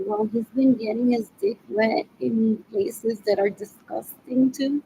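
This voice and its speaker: A woman's voice: fairly high pitch, fairly even intonation, measured pace, few pauses, dark tone, slight background noise, low-quality recording. A woman in her forties rambling agitatedly in a solo video monologue. She repeats herself and slips between English and Spanish. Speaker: vlogger asking for money.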